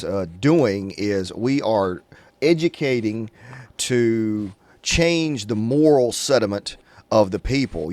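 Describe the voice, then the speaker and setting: A male interviewer speaking slowly and deliberately, drawing out key words in a political conversation. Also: lowish voice, no echo.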